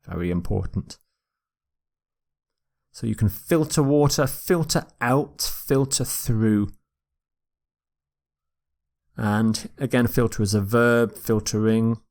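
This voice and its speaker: A man teaching English vocabulary in a lecture, slowly repeating each word and its pronunciation for learners. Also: mid-range voice. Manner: slow and deliberate, repeating words for pronunciation.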